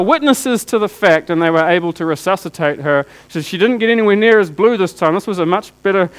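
Man, high voice, emotional sermon, rhetorical questions, mains hum behind. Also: a bit bright, clean tone, rough recording. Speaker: preacher.

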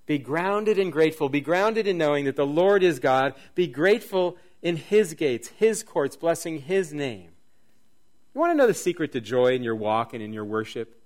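Man preaching, middle-aged, slightly high voice, surges loud then drops quiet. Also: big pitch swings, normal speed. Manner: dynamic preaching, rising to near-shouts then dropping soft. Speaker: pastor. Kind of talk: sermon.

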